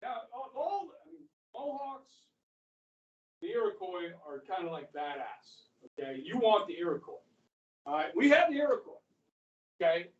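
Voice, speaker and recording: A man's voice: high-pitched, sing-song, moderate pace, pauses often, dull audio. Male American history teacher, casual storytelling lecture, recorded at a distance in a roomy classroom. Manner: chatty storytelling with frequent "okay?" check-ins. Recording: echoey classroom from far off.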